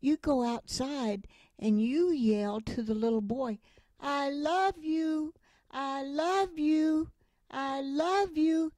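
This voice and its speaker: Woman doing a soft patient mom, calls out long and slow. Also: a little high, dry recording, voice pushed up, close to an everyday voice. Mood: soothing. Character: gentle patient mother.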